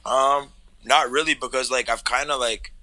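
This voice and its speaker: A man's voice: medium pitch, steady tone, normal speed, pushed and bright, low-quality recording. A man from Canada talking as a guest in a laid-back, slangy casual chat. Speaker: music producer guest.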